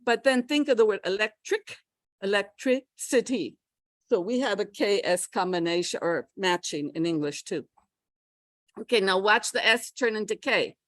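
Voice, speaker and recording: An American woman giving a pronunciation workshop, teaching in a lively way and checking in with her listeners as she goes. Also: medium pitch, moderate pace, no echo. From United States. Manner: lively teacher, checks in with okay and all right. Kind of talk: lecturing to a class.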